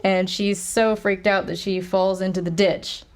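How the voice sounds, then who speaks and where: A woman's voice: mid-range voice, flat delivery, a little slow. Profane woman recapping a film. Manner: profane, recaps scenes with quoted voices. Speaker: podcast co-host. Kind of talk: casual film-discussion chat.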